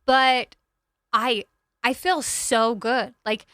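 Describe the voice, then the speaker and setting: A woman talks candidly as a podcast guest, her voice bright and a touch above average in pitch. Her tone is smooth and clean, and she keeps up a loose, chatty flow full of casual fillers. The sound is close and dry, with no room around her. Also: steady tone, very slow, no echo. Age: young adult to middle-aged. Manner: open and chatty, frequent "like" fillers. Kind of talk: candid personal storytelling. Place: podcast studio.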